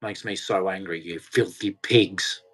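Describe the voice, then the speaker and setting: A man's voice: low-pitched, steady tone, a little slow, fairly bright tone, husky. A man delivering an angry, heated rant, swearing and speaking with hard emphasis. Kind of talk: angry ranting monologue.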